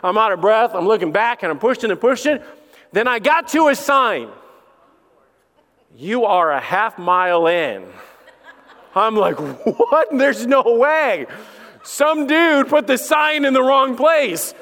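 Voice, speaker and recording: A man's voice: high voice, lively intonation, a little slow, a bit bright. A middle-aged man preaching a sermon in a casual, joking way, full of fillers and repeated starts. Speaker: pastor. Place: church sanctuary. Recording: long hall reverb.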